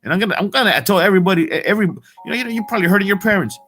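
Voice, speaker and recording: A man's voice: high voice, lively intonation, very fast, fairly bright tone, faint music behind. A man delivering a heated, profane, slangy monologue as a motivational vlogger. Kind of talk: casual ranting monologue.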